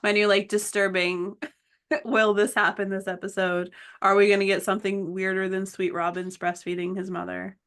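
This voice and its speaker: A woman's voice: mid-range voice, little pitch movement, moderate pace, fairly bright tone, clear, resonant tone. A woman co-hosting a casual fan podcast, laid-back and agreeable, often chiming in with short replies. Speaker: podcast co-host. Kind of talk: casual chat.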